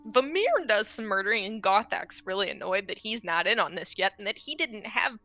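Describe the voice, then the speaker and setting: A woman casually recapping a tabletop game session, with wry, deadpan asides. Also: mid-range voice, brisk, faint music behind.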